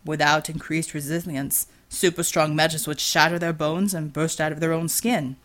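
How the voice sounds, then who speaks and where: A woman voicing a calm, analytical male hero who speaks in a measured, explanatory way. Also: sits low, pitched below the performer's own voice, close to an everyday voice.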